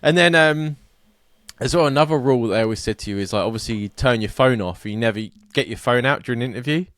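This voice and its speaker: A man's voice: mid-range voice, quick pace, fairly bright tone, no echo. A man, a podcast co-host, telling rambling, self-deprecating stories in casual chat.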